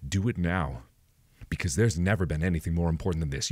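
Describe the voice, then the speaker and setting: A man in his twenties giving a mock-solemn rallying monologue to camera, melodramatic and swinging between hushed and booming lines. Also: animated, fairly quick, no room sound, clean studio sound. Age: 20s. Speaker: video creator.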